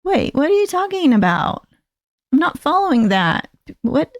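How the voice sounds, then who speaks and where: A woman's voice: high-pitched, sing-song, normal speed, dry recording. Lady in her 60s rambling at her stream chat, chatty, laughs at herself, dry mic. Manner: chatty, rambling, self-deprecating. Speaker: livestream host. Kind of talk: casual livestream chat.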